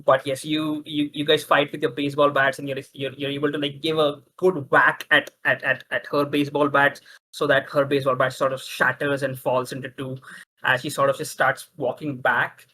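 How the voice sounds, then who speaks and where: Guy game master, bright sharp voice, keeps restarting his sentences. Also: mid-range voice, little pitch movement, low-quality recording. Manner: halting, many restarts and fillers. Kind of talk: narrating a tabletop game.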